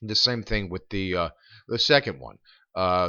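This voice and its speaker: A man, a writing instructor, explaining over slides in a recorded lecture, pausing often with ums and uhs. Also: sits low, animated, pushed and bright, smooth, no echo, muffled recording.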